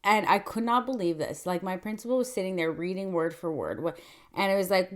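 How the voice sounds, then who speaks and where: A woman's voice: mid-range voice, brisk. A young woman telling a story in casual vlog chat, full of fillers and acted-out quotes. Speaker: mukbang vlogger.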